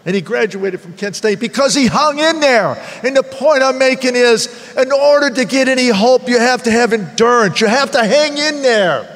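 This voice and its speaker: A man's voice: very high voice, moderate pace, hardly any pauses, fairly bright tone, long reverb tail. An older man giving a heartfelt personal testimony at a recovery meeting, repeating phrases for emphasis.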